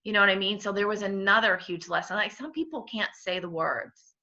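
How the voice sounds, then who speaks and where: Gravelly middle-aged woman, heartfelt. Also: medium pitch, fairly quick, sharp tone. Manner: candid, heartfelt, laughs through emotion. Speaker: podcast guest. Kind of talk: personal faith testimony. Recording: dull lo-fi sound.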